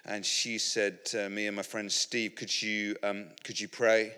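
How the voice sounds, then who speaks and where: A British man preaches to an audience in a large, reverberant hall, telling stories with humor, rambling, mocking himself and restarting often. His voice is lowish and level, a little slow, pushed and bright yet clean in tone, with a British English accent.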